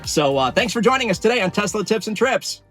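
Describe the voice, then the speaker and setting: A man's voice: high-pitched, big pitch swings, fairly quick, loud music behind the voice, rough recording. A middle-aged man hosting a casual travel vlog, chatting in an upbeat way with plenty of fillers. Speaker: vlog host. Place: in and around a car at a charging station.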